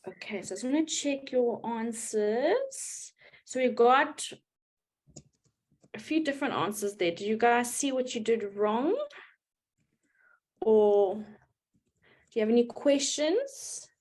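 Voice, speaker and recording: A woman's voice: fairly high pitch, sing-song, slow, long pauses, darkish tone. A woman teaching a live online maths class, explaining patiently step by step and checking in with her students. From South Africa.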